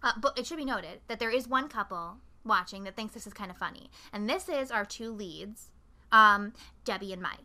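Young woman co-host, casual film chat, bright clear voice, rambling, animated, swears a lot. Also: mid-range voice, normal speed. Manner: rambling, animated, profane, acts out quotes. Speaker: podcast co-host.

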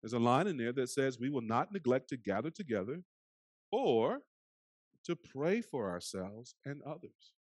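A pastor delivers a sermon in an earnest voice that often sinks to soft, hushed phrases. His voice sits at an ordinary middle pitch for a man. The sound is dry and close, with little room around it. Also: sing-song, normal speed, no room sound. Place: church sanctuary.

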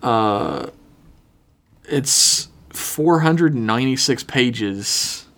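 A man co-hosting a podcast in relaxed, casual chat, swearing freely. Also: mid-range voice, drawn-out words. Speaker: podcast co-host.

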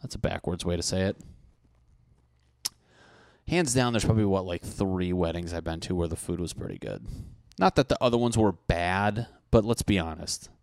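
Profane rambling man, low dry voice. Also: moderate pace, long pauses, darkish tone, dry recording. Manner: rambling, profane, acts out mock dialogue. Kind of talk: casual comedic chat.

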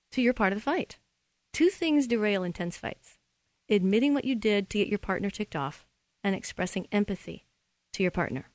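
A woman hosting a Christian relationship advice radio show in an earnest, steady, teacherly way. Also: mid-range voice, no room sound.

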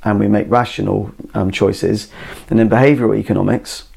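A man's voice: lowish voice, steady tone, brisk, creaky, darkish tone, breathy edge. A man recording himself in a garden shed, talking his way through ideas in a meandering, casual monologue full of "you know" and "like". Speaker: solo podcast host. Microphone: camera mic.

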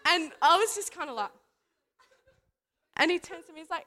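A woman's voice: very high-pitched, lively intonation, moderate pace, bright, forceful tone. A young woman giving a casual testimony talk at church, chatty and full of fillers, laughing now and then. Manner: chatty, full of "like" and "you know", laughs often. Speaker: youth speaker at church.

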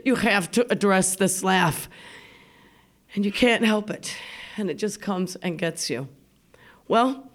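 A woman telling a funny personal story live on the radio, chatty and laughing often, acting out remembered voices in her own. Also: mid-range voice. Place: radio studio.

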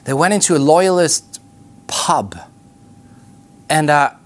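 A man teaching a ministry school class, telling lively outreach stories and acting out the voices of the people in them, with frequent restarts. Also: a little high, slow. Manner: animated storyteller, acts out quoted voices, frequent restarts.

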